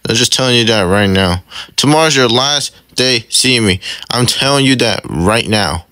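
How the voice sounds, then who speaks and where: A man's voice: mid-range voice, expressive, moderate pace, bright, forceful tone, dry recording. A man playing a smug male serial killer who bluntly taunts his wife in a casual fan roleplay. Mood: taunting.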